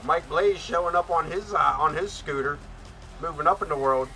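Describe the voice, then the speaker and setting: A man's voice: on the high side, moderate pace, sharp tone. A man casually commentating as he streams a wrestling game. He rambles and jokes, with lots of fillers and restarts. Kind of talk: casual chat.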